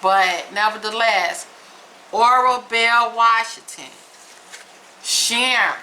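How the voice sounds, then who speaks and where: A woman vlogger, reading aloud slowly and reacting with emphatic exclamations. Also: a little high, pushed and bright, a little hiss or hum, rough recording. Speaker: vlog host reading aloud.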